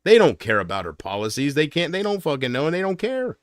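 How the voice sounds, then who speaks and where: A man's voice: a little high, very animated, fast talker, no echo, studio quality. A man hosting his own livestream, rambling casually and joking, often laughing at his own jokes. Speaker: livestream host.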